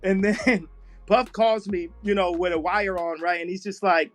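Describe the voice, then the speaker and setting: Guy with a high voice rambling on his phone, keeps restarting, faint music behind. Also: steady tone, normal speed. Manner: rambling, repeats himself, restarts often. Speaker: invited guest in an audio chat room. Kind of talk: casual rambling chat. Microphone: phone in a social audio app.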